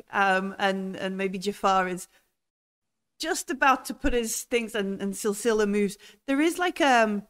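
A woman narrating as game master of a tabletop game, often pausing with ums and likes as she describes the scene. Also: mid-range voice, a bit bright, clean tone. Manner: hesitant, full of ums and likes.

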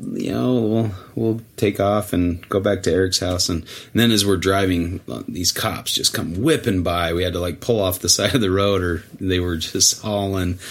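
A man co-hosting a podcast, telling a casual, rambling story full of fillers and acting out the quotes. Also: deep voice. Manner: rambling, filler-heavy, animated, acts out quotes. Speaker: podcast co-host.

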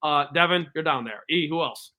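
A young man with a bright, forceful voice sitting a little high for a man. He co-hosts a casual sports podcast and talks emphatically, ribbing his friends and laying on the trash talk. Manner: emphatic, trash-talking, quick to joke. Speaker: podcast co-host. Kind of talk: casual fantasy football chat.

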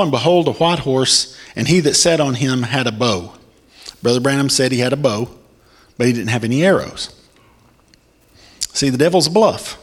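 A man preaching a sermon, reading scripture and commenting on it emphatically, his voice climbing high in excitement and now and then breaking into a shout. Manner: emphatic, pitch swings high when excited.

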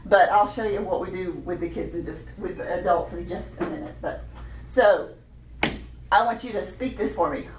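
This woman, whose voice is on the low side at a moderate pace, teaches adults a children's music workshop with cheerful chatter and frequent laughter. The conference meeting room is captured distantly in a roomy hall, with background noise and echoing group chants.

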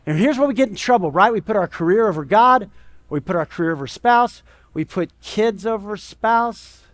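A man's voice: high voice, lively intonation, moderate pace, no room sound. A man preaching a sermon as pastor, conversational and emphatic, full of rhetorical questions.

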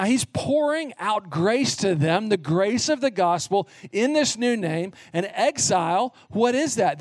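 A man's voice: high-pitched, dry recording, studio quality. A middle-aged man preaching a sermon as a pastor, earnest and emphatic, stressing short repeated phrases.

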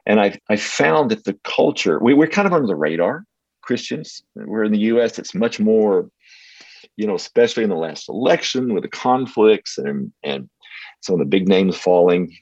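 A very deep, husky older man, telling stories in an earnest, reflective way as a pastor on a podcast. His pitch swings widely as he talks, and the sound is a bit dull and lo-fi. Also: expressive, moderate pace, darkish tone, no room sound. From United States. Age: 60s. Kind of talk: casual interview talk.

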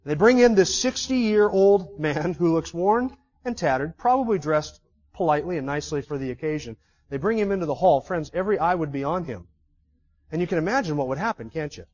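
Male preacher, high voice, vivid storytelling sermon; slightly muffled recording. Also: expressive, brisk, a little mellow. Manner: vivid storytelling, rhetorical questions to the congregation.

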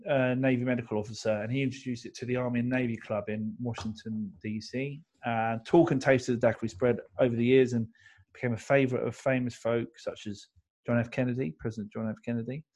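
A man's voice: medium pitch, steady tone, brisk, a little mellow. A man, co-hosting a casual chat and rambling through history with fillers and jokes. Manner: rambling, jokey storytelling with many fillers. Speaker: co-host.

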